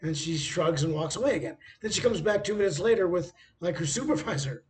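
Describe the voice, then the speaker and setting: A man's voice: a little high, animated, brisk, slight background noise. A man vlogging casually from a hotel room by a busy street, rambling through travel anecdotes with frequent hesitations.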